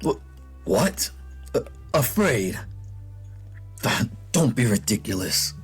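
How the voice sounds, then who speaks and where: A man's voice: mid-range voice, big pitch swings, takes it slowly, husky, faint music behind, full character voice. A man voicing a nervous, proud young royal guard in a game, speaking stiffly and stammering when flustered.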